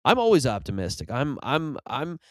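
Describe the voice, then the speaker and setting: A man's voice: medium pitch, very animated, moderate pace, no room sound. A man hosting a comedy podcast, rambling through a casual monologue with restarts and sudden mock-ad bursts. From Irish family background. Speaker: comedian host.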